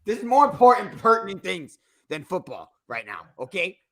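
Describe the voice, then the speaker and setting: An excitable man co-hosts a sports livestream and retells things in a theatrical way. His voice is high. His pitch swings wildly from low to high. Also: moderate pace. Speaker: sports show co-host. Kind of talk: casual livestream chat.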